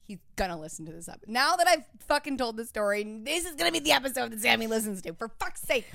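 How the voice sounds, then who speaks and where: A young woman co-hosting a podcast, telling a story in a casual, animated way, laughing often and swearing freely. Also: a little high, fast, gravelly, no echo, clean studio sound. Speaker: podcast co-host. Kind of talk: casual chat.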